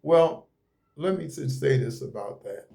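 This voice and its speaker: His voice is medium in pitch, animated yet unhurried, mellow, with some vocal fry. He's a man doing a relaxed tarot reading indoors at a table of laid-out cards, wandering in his talk, folksy, and prone to repeating himself.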